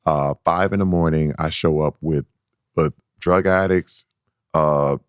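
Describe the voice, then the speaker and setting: A man guest on a podcast, telling a candid personal story in an animated, emphatic way, often restarting and repeating words as he goes. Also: measured pace, smooth, no room sound, clean studio sound. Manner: animated, acts out his own past voice in a squeaky high pitch.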